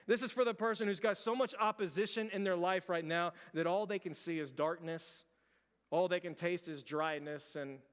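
A man preaching a sermon as pastor, telling a story in a casual, animated way with quick asides. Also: high-pitched, smooth. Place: church sanctuary. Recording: church sanctuary with long reverb.

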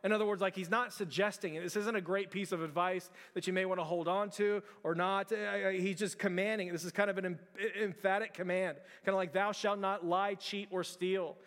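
A man's voice: high-pitched, steady tone, a little fast, hardly any pauses, fairly bright tone, big-room sound. A male pastor preaching a conversational sermon, with frequent restarts and fillers.

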